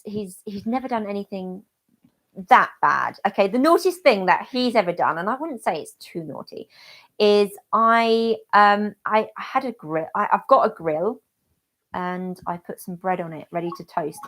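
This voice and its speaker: A woman's voice: medium pitch, fairly bright tone. Chatty British woman livestreaming. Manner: chatty, restarts and fillers, laughs often. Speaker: channel host, guide dog user. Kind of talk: casual livestream chat.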